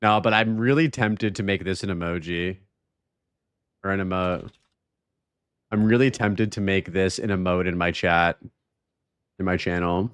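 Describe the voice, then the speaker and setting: A man streaming a video game live, chatting casually with his viewers, excitable and swearing freely. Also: low-pitched, unhurried, long pauses, clean tone, no echo. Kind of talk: casual live-stream chat while gaming.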